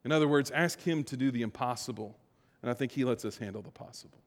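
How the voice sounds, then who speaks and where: A man preaching a conversational sermon, moving between quiet reflective passages and louder emphatic stretches. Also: mid-range voice, fast. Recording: long hall reverb.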